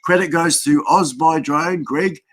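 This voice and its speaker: Aussie bloke rambling on his live stream, bit higher voice than most guys, webcam mic. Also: measured pace, fairly bright tone. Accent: Australian. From Australia. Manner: rambling, chatty, greets viewers by name with laughs. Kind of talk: casual live stream chat. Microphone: built-in webcam mic.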